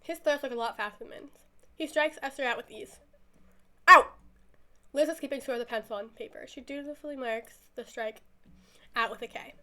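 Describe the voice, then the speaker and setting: A woman's voice: on the high side, a little fast, fairly bright tone. A woman streamer reading a visual novel aloud in a playful way, with a tired voice.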